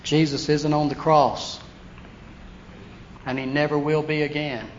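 A man preaching a storytelling sermon, animated, acting out the voices of people he quotes. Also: a little high, unhurried. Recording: dull lo-fi sound with faint hiss.

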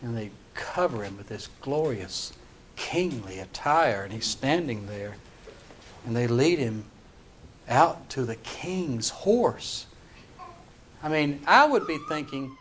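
A man preaching a sermon, retelling a story in an animated, dramatic way. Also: fairly high pitch, slow pace.

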